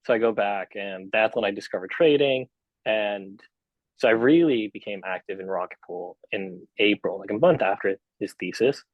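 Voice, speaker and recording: A man's voice: lowish voice, normal speed, no room sound, narrow, tinny audio. A young man as a podcast guest, talking casually and rambling with lots of fillers and restarts. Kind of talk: casual interview chat.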